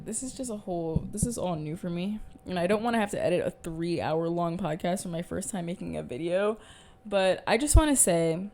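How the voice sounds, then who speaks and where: A woman's voice: fairly low pitch, a little mellow. A young woman hosting her own podcast, chatting candidly and rambling with lots of fillers and casual swearing. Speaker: podcast host. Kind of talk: casual solo podcast chat. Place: at home, talking to camera.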